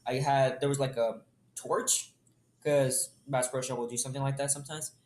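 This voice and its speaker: A young man improvising a story casually, rambling with quick jokes and asides. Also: medium pitch, fairly even intonation, a little mellow. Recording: roomy echo.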